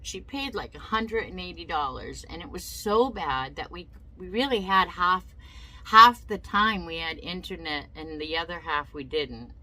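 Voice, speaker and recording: A woman's voice: lowish voice, lively intonation, moderate pace, pushed and bright, poor audio. A woman telling a personal story in a casual vlog, emotional and indignant, often repeating herself. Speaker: vlogger.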